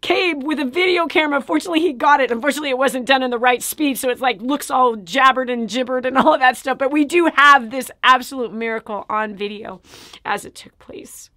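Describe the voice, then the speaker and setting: A high-voiced woman shares her testimony and preaches with dramatic delivery, often sinking into a hushed whisper. The recording is close and dry. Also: quick pace, hardly any pauses, no echo. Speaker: Christian motivational speaker.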